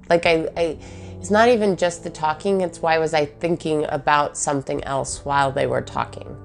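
A woman's voice: sits low, steady tone, normal speed, vocal fry, soft background music. A woman thinking aloud in a reflective personal monologue, with many fillers and questions to herself.

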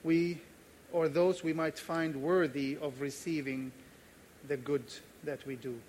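Jordanian pastor telling a lively story. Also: male voice, on the high side, slow pace, slight background noise. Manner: animated storyteller, acts out dialogue. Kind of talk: sermon with personal story.

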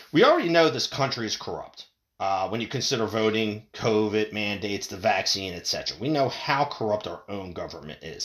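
A man rants through a solo commentary, his pitch swinging up and down with animated energy. He swears freely and jumps from loud bursts to low mutters.

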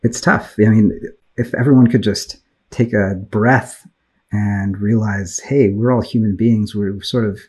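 An American man who is a guest on a podcast, speaking in a measured, reflective way with lots of ums. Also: fairly low pitch, fairly even intonation, a little mellow, slightly rough, poor audio. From United States. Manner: measured, reflective, with many fillers. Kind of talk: casual conversational discussion.

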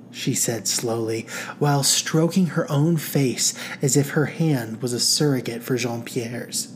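Low slow wry woman narrator. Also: a little mellow, slight background noise. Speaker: podcast host reading her own novel. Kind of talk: comic reading of a romance story.

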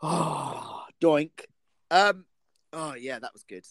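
A man co-hosting a comedy show, bantering in a jokey, animated way with quick asides. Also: on the high side, no echo.

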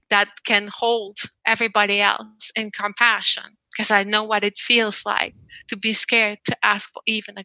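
A woman shares a personal story during an interview, earnest and measured, lingering on the key words. Her voice is strikingly bright and forward. The sound is dry and close, with no room around it. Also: medium pitch, dry recording, low-quality recording. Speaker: podcast guest.

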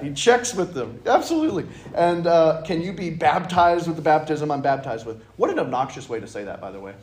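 Animated man leading Bible study. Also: a little high, a little fast. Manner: animated, acts out dialogue in voices. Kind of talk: interactive Bible teaching. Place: church meeting room. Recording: echoey room.

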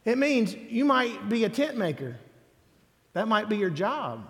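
Male preacher, high gravelly voice, emphatic sermon built on repeated refrains, long hall reverb. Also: very animated, unhurried, a bit bright.

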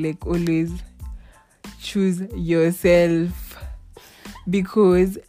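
A young woman, chatting casually and telling stories, acting out the people she quotes and laughing often. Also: low voice. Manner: animated, laughing, acts out quoted voices. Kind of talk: casual storytelling chat.

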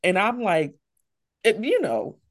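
A woman co-hosting a podcast in casual, joking chat, with loud laughs and speech. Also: medium pitch, huge pitch swings, slow pace, dry recording, studio quality. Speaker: podcast co-host.

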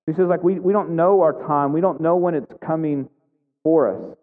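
A man's voice: fairly high pitch, moderate pace. A man giving a conversational sermon, full of questions and restarts. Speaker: pastor. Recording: tinny phone-like sound in a reverberant hall.

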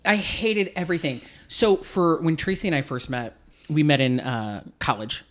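A man's voice: fairly high pitch, moderate pace, fairly bright tone. A man in his forties hosting a podcast, chatting casually, swearing freely and laughing often as he rambles through stories. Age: 40s. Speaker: podcast host. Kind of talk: casual chat.

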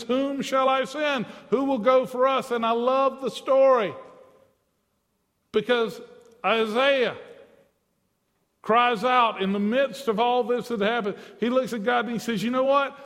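A man's voice: very high voice, measured pace, a bit bright, long reverb tail. A man preaching a sermon with passion, his delivery rising and dropping, repeating phrases for emphasis.

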